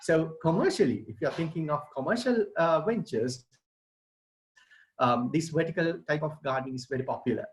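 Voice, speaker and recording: A man speaks in a somewhat high voice. He explains gardening ideas in an online presentation, addressing children and their parents in a plain teaching manner. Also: expressive, normal speed, poor audio. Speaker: gardening expert.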